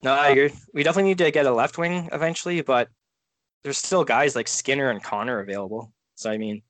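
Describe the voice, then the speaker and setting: A relaxed man chatting casually on a podcast, thinking out loud and letting his sentences trail off. His voice sits at a middle pitch and sounds dry and close to the mic, with no room around it. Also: fast, no room sound. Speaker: podcast co-host. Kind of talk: casual fantasy draft chat.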